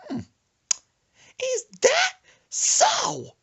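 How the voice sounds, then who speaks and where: A man voicing a cranky, sharp-tongued old grandmother in a shrill high falsetto with a drawling, sassy delivery. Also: wildly swooping pitch, very slow, gravelly, heavily acted. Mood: haughty.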